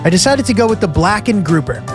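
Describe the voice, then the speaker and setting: A young American man narrates his road trip in a loose, self-mocking voice-over. His voice sits high. Clear background music runs under the narration. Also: sing-song, fast. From United States. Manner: casual, self-deprecating, filler-heavy. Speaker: travel vlog narrator. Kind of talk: scripted travel narration.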